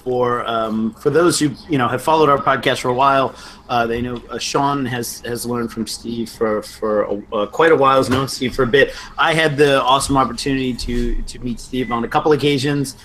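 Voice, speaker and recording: A man of middle pitch talks with eager energy, teasing his co-host now and then. A faint hiss sits under his voice. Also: steady tone, fairly quick, a bit bright, low-quality recording. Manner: enthusiastic, teasing. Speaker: podcast co-host, martial arts teacher. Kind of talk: casual podcast chat.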